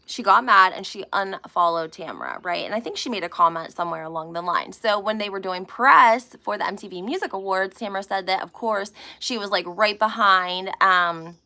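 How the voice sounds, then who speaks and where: A woman's voice: mid-range voice, moderate pace, few pauses, sharp tone. A woman chatting casually on a live stream about reality TV, often checking in with her viewers by asking "okay?" and "right?". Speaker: celebrity gossip vlogger.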